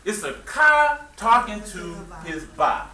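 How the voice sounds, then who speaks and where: A man's voice: sits high, very animated, slow pace, sharp tone, recorded from a distance. A man preaching and teaching a small congregation, drawing call-and-response and joking along the way. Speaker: minister. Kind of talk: teaching sermon. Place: worship hall with congregation. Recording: echoey room, taped from afar.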